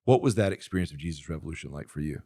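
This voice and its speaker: A middle-aged man hosting a podcast, telling a story in casual chat, animated and quick to laugh as he acts out what people said. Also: a bass voice, no room sound, clean studio sound. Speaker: podcast host and filmmaker.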